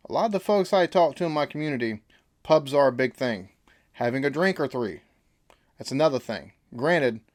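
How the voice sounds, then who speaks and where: A man's voice: mid-range voice, no echo, studio quality. A man, hosting a casual reaction video in a rambling, folksy way. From United States. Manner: rambling and folksy, with fillers and restarts.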